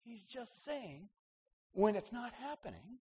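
Expressive preacher man, lively pitch. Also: slow, breathy edge, long reverb tail. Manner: expressive preaching with wide swings between loud emphasis and hushed asides. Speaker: pastor. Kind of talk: sermon.

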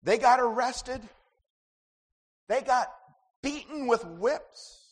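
A man preaching a sermon as pastor, swinging between loud emphasis and hushed asides. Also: very high-pitched, expressive, slow pace, slightly rough, in a large hall.

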